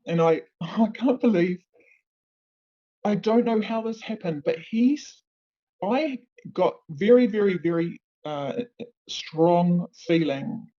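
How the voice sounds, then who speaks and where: A woman telling her own story as an interview guest, speaking haltingly and searching for her words. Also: lowish voice, mellow. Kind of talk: personal account in an interview. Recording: dull lo-fi recording.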